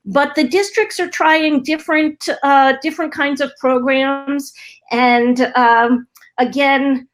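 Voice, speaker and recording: A woman's voice: sits high, fairly even intonation, slow pace. A woman speaking on a panel about tutoring research, explaining fluently with a few fillers. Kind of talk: panel discussion.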